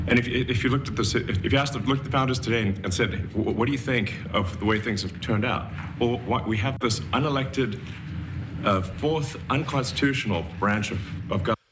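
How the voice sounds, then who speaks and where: A man giving a formal political speech in a measured, halting way, often repeating his words. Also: medium pitch, noisy background. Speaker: speaker in a played clip.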